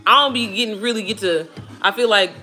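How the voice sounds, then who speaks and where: A woman in her thirties chatting casually to her viewers, animated and talkative, calling them girl and baby. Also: medium pitch, brisk, soft background music. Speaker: vlogger talking to viewers while cooking. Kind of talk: casual chat.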